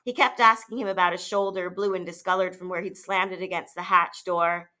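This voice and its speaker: Reading from a novel for her class, a teacher speaks in a somewhat low female voice. Her delivery is steady and measured, though a few minor fillers and restarts slip in.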